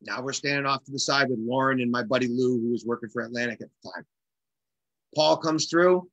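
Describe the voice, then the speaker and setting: A middle-aged man, a drummer, telling a story in casual conversation and acting out the quotes with animated energy. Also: mid-range voice, brisk, no room sound, highs cut off. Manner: animated, acts out quotes in lively voices. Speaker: guest drummer.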